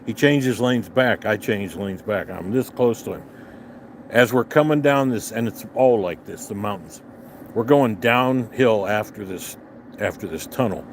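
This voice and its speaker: Older man ranting with lively pitch swings. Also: a little slow, a little hiss or hum. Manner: angry, heavy swearing. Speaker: vlogger. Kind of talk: profane ranting storytelling. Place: outdoors on a restaurant patio.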